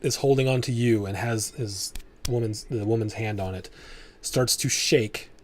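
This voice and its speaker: A man narrating a tabletop game as game master, descriptive and unhurried, often restarting his sentences. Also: fairly low pitch, a little hiss or hum.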